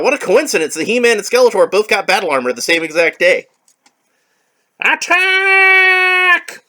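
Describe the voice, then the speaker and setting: A man's voice: mid-range voice, fairly bright tone. A man toy collector giving casual, rambling unboxing commentary with a wry touch and many fillers.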